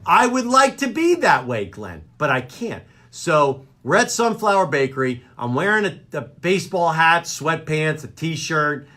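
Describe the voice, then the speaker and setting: A man hosting a live radio comedy show, ranting in an exasperated, animated way about everyday annoyances. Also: fairly high pitch, unhurried, few pauses. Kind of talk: comedic rant. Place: radio studio.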